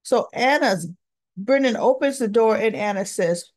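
A woman's voice: a little high, unhurried, darkish tone, dry recording. A woman hosting a daily soap opera recap, retelling scenes in a chatty way and acting out the characters' lines. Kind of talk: casual recap narration.

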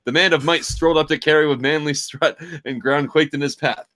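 Man reading absurd prose in bright voice. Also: a little high, fairly even intonation, fairly quick. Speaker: streamer reading aloud. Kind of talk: mock-dramatic reading aloud.

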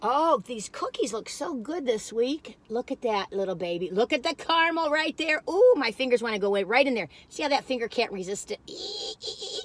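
A woman's voice: a little high, lively intonation, brisk, few pauses. An older woman, rambling in a folksy, exclamatory way while reviewing cookies on her vlog. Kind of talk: casual chatty food review.

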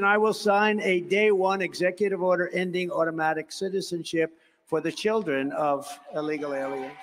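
A man's voice: fairly high pitch, a bit bright, in a large hall, a little hiss or hum. Older man giving an emphatic rally speech. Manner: repetitive, emphatic, with conversational asides. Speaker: political speaker. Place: large conference venue.

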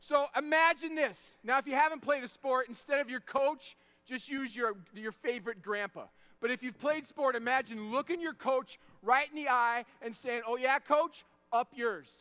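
A man in his thirties delivers an energetic sermon with an unusually high, bright and smooth voice. He tells stories with big swings, shouting the punchlines and going hushed when the moment turns tender. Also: moderate pace, hardly any pauses. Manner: animated, shouts punchlines, drops to soft tones for emotional moments.

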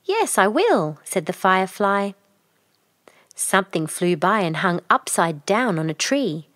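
A woman reading a children's picture book aloud in a gentle, expressive storytelling way. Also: fairly low pitch, unhurried, dry recording, studio quality.

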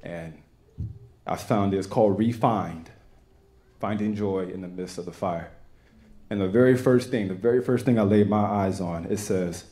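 Low, mellow-voiced man giving testimony. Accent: Texan. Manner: earnest, halting, with many restarts. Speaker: church member giving testimony. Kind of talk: personal testimony to a congregation. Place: church sanctuary.

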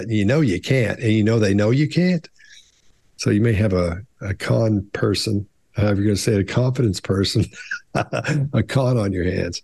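Casting: husky man, panel host, rambling chatter, dry close sound. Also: on the low side, fairly quick, dry recording. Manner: rambling, animated, repeats himself. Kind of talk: casual panel discussion.

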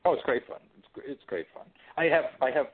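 A man in his forties, a screenwriter and voice actor, chatting casually as an interview guest, relaxed and full of restarts. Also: mid-range voice, fast talker, husky. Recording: tinny phone line.

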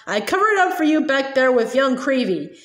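A woman's voice: high voice, big pitch swings, moderate pace. Woman doing a pompous jovial wizard teacher. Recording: roomy echo.

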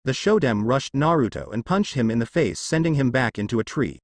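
A man narrates fan fiction in a steady, even storytelling read and lets his pitch rise and fall with lively movement. The recording is dry and close, with no room around the voice. He keeps the same plain voice for every character he reads. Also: fairly quick, no echo.

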